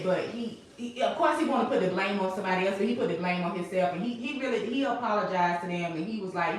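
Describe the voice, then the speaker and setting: A woman hosting a casual recap chat, telling the story with emphatic, animated delivery. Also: medium pitch, a little hiss or hum. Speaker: host. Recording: echoey room, mic at a distance.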